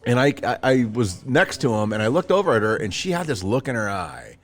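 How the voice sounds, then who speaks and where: Animated storytelling man, lively pitch. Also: brisk. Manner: animated storyteller, acts out quoted voices. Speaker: podcast co-host. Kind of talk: casual chat.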